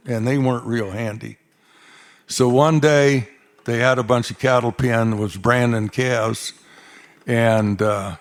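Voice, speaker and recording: Older cowboy drawling a story slowly. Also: male voice, medium pitch. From Arizona. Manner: folksy drawl, dry humor, chuckles through lines. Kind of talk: onstage storytelling. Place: stage before a live audience.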